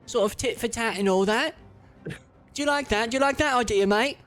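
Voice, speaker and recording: A man's voice: extremely high pitch, moderate pace, fairly bright tone, soft background music, voice pushed up. A man voicing a petulant male guard with a put-on French accent, whining and teasing in a tabletop game. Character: indignant male guard, sulky and childish.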